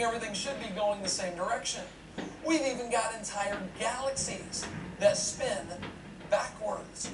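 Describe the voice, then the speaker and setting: A man giving a humorous lecture to an audience, animated and joking, often asking the crowd questions. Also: high-pitched, measured pace. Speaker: seminar speaker. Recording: echoey hall, distant mic, noisy.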